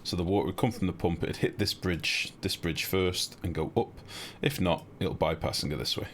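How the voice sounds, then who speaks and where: Low-voiced man streaming a game. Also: normal speed, a bit bright, a little hiss or hum. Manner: chatty, joking, reads out and answers viewer chat. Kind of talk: casual live gameplay commentary. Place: home streaming setup. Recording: game music underneath.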